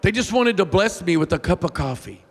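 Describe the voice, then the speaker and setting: A man preaching a sermon in a church, telling funny stories about himself in an animated, self-mocking way. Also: high voice, brisk. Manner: animated, self-mocking, jumps into loud whiny voices. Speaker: pastor. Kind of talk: sermon with humorous storytelling. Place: church sanctuary. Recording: long reverb in a large hall.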